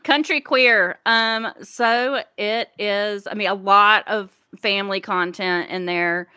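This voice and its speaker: Woman comic on a podcast, bright sharp voice, laughs a lot, short answers. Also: mid-range voice, fairly even intonation, slow pace, smooth, no room sound, studio quality. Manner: laughs easily, short replies. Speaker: podcast guest and comedian. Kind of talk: casual chat.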